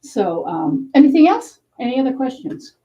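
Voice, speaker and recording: A woman author telling an animated anecdote to a live bookstore audience, acting out the voices of the people in her story. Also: sits high, normal speed, lo-fi sound. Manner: acts out the voices in her anecdote, lively and self-deprecating. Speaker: author at a book talk. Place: bookstore event room.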